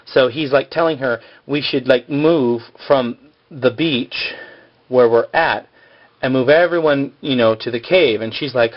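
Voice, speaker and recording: A man's voice: medium pitch, unhurried, lo-fi sound. A man casually recapping a TV episode, rambling with lots of fillers like "like" and "you know.".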